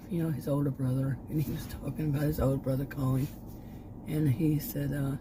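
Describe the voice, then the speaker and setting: An older woman from Texas, United States, rambles through a casual personal vlog, restarting often, wandering into asides and sounding a little short of breath. Her voice sits low with fairly even intonation at a normal speed, and there's background noise.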